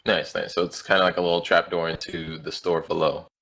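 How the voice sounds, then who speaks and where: A man's voice: low-pitched, little pitch movement, a little fast, gravelly, a bit bright. A man playing a tabletop game, chatting casually and a bit hesitantly. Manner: hesitant, laughs often. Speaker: player.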